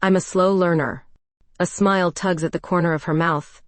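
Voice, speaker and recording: A woman narrating a first-person romance story in a calm, even storytelling voice. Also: fairly low pitch, normal speed, no echo.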